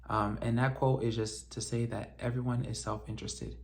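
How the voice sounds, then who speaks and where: A man's voice: mid-range voice, flat delivery, moderate pace, gravelly, a little hiss or hum. A man whose first language is French, a doctor giving casual advice straight to camera, often asking "right?" as he checks his notes. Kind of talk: direct-to-camera advice talk.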